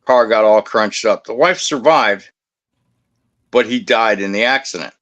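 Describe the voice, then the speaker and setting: A man's voice: on the low side, a little slow, a bit bright, lo-fi sound. A man who used to guard a cemetery tells blunt, profane anecdotes in casual chat. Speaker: former cemetery security guard.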